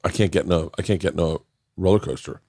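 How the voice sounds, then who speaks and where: Podcast guest, man, 40s, low voice, loose rambling talker, dry close mic. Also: fast, darkish tone, dry recording. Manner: rambling, restarts often, swears. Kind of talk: casual chat.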